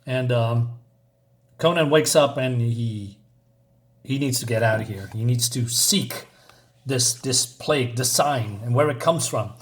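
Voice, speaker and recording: A man's voice: medium pitch, a little slow. A man reviewing a comic book in a casual, hesitant way, reading panels aloud with frequent asides.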